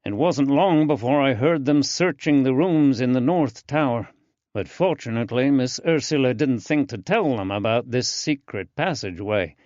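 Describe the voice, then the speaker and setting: A male narrator voicing an earnest, eager young man with a soft drawling accent in an audiobook. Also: medium pitch, moderate pace, dry recording, muffled recording, natural voice.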